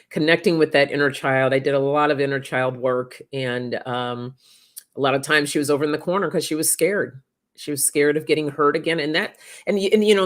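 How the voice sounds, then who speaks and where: A woman hosting a casual chat, speaking in a warm, affirming way and reading out comments from viewers. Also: deep voice. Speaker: host.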